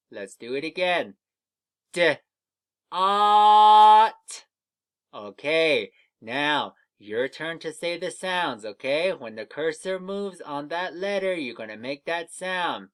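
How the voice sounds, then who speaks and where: Slow, patient man teaching phonics. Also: fairly high pitch, a bit bright. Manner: slow, patient phonics drilling with stretched letter sounds. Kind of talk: early reading lesson for young children.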